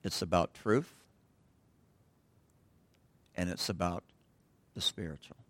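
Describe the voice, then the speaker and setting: Speaking slowly in a deep voice with no room sound, a middle-aged man preaches a conversational sermon as a church pastor. He drifts off on tangents, and his phrases tend to sink into a hush as they end.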